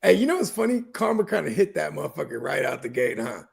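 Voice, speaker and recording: A man co-hosting a podcast in casual chat, animated, swearing and acting out movie scenes. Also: a little high, fast talker, creaky, a loud crowd. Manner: animated, acts out movie lines, swears a lot. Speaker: podcast co-host.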